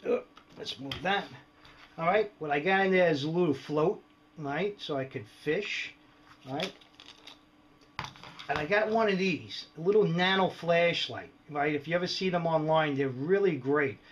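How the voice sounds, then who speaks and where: A man's voice: on the high side, a little slow, slight background noise. A middle-aged man giving a casual, jokey show-and-tell of his gear mods, rambling and often checking in with the viewers. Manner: jokey, rambling, lots of "all right" and "right?". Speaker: prepper vlogger showing gear mods. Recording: dull lo-fi home video sound.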